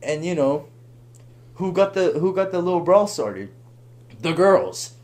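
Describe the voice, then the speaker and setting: A young man telling a long story on a podcast in a casual, animated way, laughing and acting out the voices of the people in it. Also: a little high, a little slow. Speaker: podcast guest.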